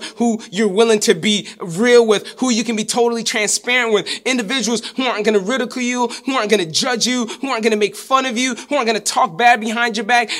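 A man delivers a sermon in a high voice. His tone is bright and forward, and his preaching is emphatic. He repeats key phrases and sinks his voice low for weight.

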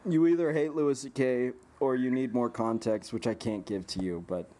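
A man in an easygoing podcast chat, recounting a night out with lively energy. He laughs often through his own story and swears freely, his voice sitting at an ordinary middle pitch. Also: moderate pace. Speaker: podcast co-host. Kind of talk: casual chat.

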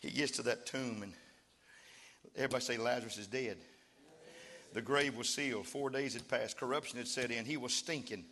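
A man preaching a sermon, emphatic and building to shouted cries. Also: mid-range voice, a little fast, pauses often, long reverb tail. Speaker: pastor.

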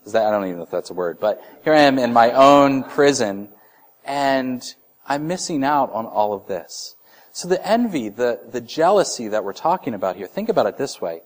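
A man's voice: medium pitch, sing-song, moderate pace. A man in his thirties preaching a sermon in a conversational way, restarting phrases and acting out short voices. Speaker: pastor.

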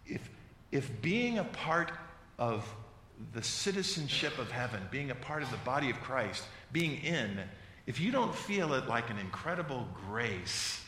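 Animated preacher man in an echoing church. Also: mid-range voice, a little hiss or hum. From United States. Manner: animated preaching, reads scripture aloud, mock voices for examples. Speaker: pastor. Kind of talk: sermon. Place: church sanctuary. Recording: echoey hall, long reverb.

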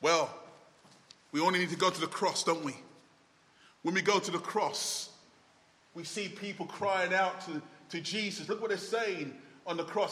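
A man preaching a sermon, dramatic, swinging between loud exclamations and hushed low asides. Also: normal speed, long pauses. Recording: long hall reverb.

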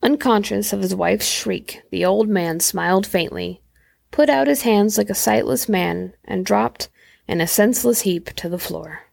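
A woman podcast host reading a classic horror story aloud in a slow, measured way. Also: mid-range voice, creaky, a little mellow, dry recording.

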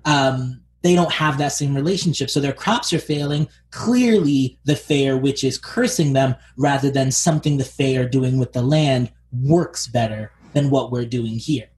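A man's voice: mid-range voice, normal speed, few pauses, a little mellow, a little hiss or hum. A man co-hosting a podcast, chatting casually about a TV series, peppering his talk with fillers. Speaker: podcast co-host.

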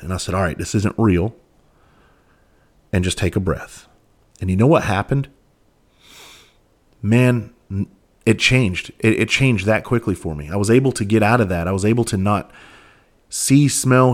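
A man with a fairly low voice, hosting a podcast. He tells his stories in a casual, candid monologue and swears freely along the way. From Southern United States. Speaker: podcast host.

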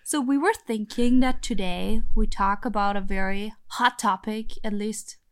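A woman's voice: mid-range voice, moderate pace, smooth. A woman from Austria, co-hosting a casual podcast with her husband and chatting with laughs and sarcastic asides. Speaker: podcast co-host. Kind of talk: casual chat.

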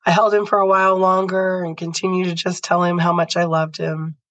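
A woman's voice: lowish voice, flat delivery, a little fast, fairly bright tone, no echo, poor audio. A woman podcast host telling a personal story in an earnest, heartfelt way.

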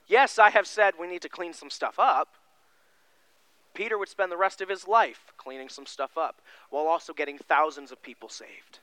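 A man's voice: animated, normal speed, no room sound. Folksy, emphatic male pastor preaching. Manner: emphatic, folksy, swings between loud stresses and quiet low passages. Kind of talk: sermon.

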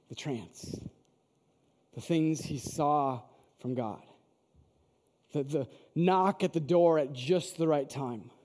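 A pastor with a high-pitched, warm voice preaches a sermon, telling a story conversationally and putting questions to the audience. His words carry a long hall reverb.

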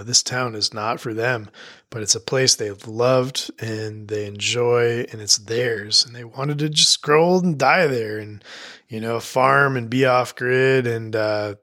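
A man's voice: mid-range voice, fairly bright tone. A middle-aged man giving a rambling, heartfelt intro monologue as a podcast host, swearing freely and full of fillers and restarts. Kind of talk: emotional spoken intro monologue.

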